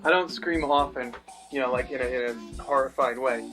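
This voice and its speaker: A man's voice: mid-range voice, normal speed, over music. A man co-hosting a review show in casual, easygoing chat.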